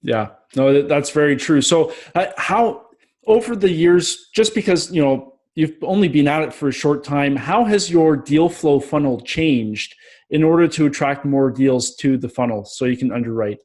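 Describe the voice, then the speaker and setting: A man hosts a casual podcast interview. He chimes in with short agreements and follow-up questions, and his voice sits a little higher than most men's. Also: normal speed, a little mellow. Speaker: podcast host.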